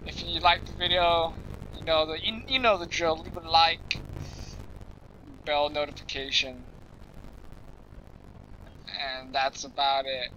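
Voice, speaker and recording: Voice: medium pitch, steady tone, pushed and bright, highs cut off, a little hiss or hum. A gameplay channel host giving casual let's-play commentary, talking straight to viewers and swearing freely when exasperated. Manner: profane, quickly exasperated, talks to viewers.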